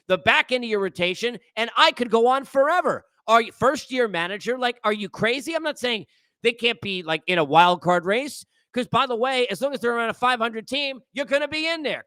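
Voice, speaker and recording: Exasperated high-voiced sports talk man. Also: sharp tone, clean tone, dry recording. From New York area. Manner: exasperated, lecturing, repeats phrases. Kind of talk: solo sports rant.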